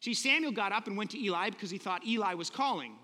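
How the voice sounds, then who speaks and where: A man's voice: sits high, expressive, fast talker, bright, forceful tone, big-room sound. A man preaching a sermon in a conversational, earnest way, often asking the listeners rhetorical questions. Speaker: pastor.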